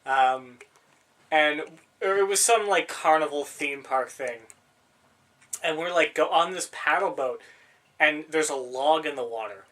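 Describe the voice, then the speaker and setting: A man's voice: fairly high pitch, unhurried, sharp tone. A young man co-hosting a podcast in casual chat, rambling and swearing freely, laughing often. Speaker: podcast co-host.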